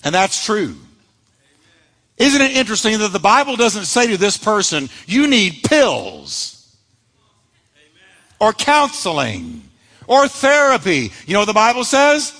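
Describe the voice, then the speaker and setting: A man preaching a sermon as pastor, telling stories with lively acted-out voices. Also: high voice, measured pace. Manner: animated storytelling preacher, acts out quoted voices. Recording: long hall reverb.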